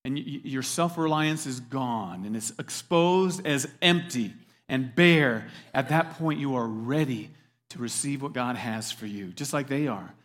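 A man's voice: mid-range voice, fairly bright tone. A man preaching a sermon as a pastor, earnest, repeating words as he stresses his points. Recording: long hall reverb.

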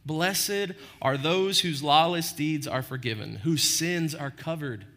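A pastor delivers a sermon in a conversational way, often tagging lines with "right?" and acting out short quotes. His voice is slightly high and fairly bright, and he speaks slowly.

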